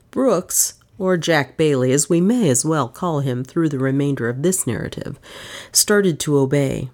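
A woman with a low voice narrating a mystery novel. Her telling is measured and even. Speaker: audiobook narrator. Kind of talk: scripted narration.

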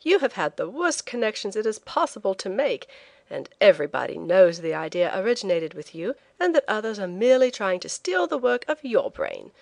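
A woman's voice: medium pitch, huge pitch swings, fairly quick, vocal fry, no echo, exaggerated voice. A woman reading the lines of a kind, sympathetic young male ship purser who reassures a traveler. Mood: kindly.

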